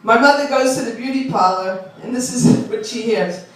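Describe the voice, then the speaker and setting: In an echoey club room recorded from far away, a female stand-up comedian from Long Island, New York, in her 60s, chats through a self-deprecating set and ribs the audience. Her voice is on the high side at a normal pace.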